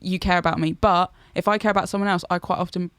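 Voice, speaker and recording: A woman co-hosting a comedy podcast, explaining things in an animated, chatty way. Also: lowish voice, fast, smooth, dry recording, clean studio sound. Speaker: podcast co-host. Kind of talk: casual comedy banter.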